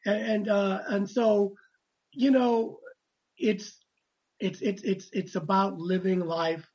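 Author guest, female, husky voice, earnest with stumbling restarts. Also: mid-range voice, fairly even intonation, slow, darkish tone, rough recording. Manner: earnest, repetitive stammering starts. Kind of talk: conversational interview.

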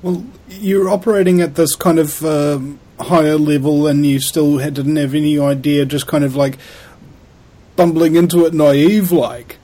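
A male podcast host with a relaxed, joking way of questioning his guest. His voice sits a little higher than most men's. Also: normal speed. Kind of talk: casual interview.

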